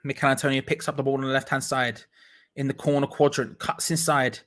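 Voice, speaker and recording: A young man giving excitable live fan commentary on a football match, laughing often as he reads out viewers' messages. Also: medium pitch, fairly quick. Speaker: watch-along host.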